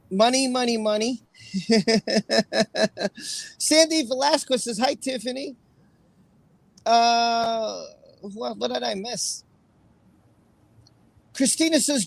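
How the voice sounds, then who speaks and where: A man hosting a livestream in casual chat, his voice pitched high with a gravelly fry running through it. He reads out viewers' names one after another, and he sounds emotional and apologetic. The sound is dry and close, with no room around it. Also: no echo, low-quality recording. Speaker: livestream host.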